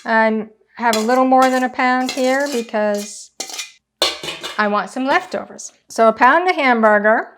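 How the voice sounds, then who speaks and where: A woman's voice: a little high, measured pace, background noise. A woman hosting a casual home cooking demonstration, chatting through each step as she cooks in her kitchen. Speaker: cooking channel host.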